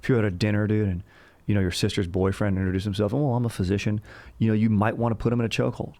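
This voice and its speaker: A man with a somewhat low voice hosts a casual history podcast. He talks like a laid-back bro, rambles into jokey asides and keeps dropping "dude.". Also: little pitch movement, racing, mellow. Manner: slangy bro talk, says "dude" constantly. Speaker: podcast host. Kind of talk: casual comedic history chat.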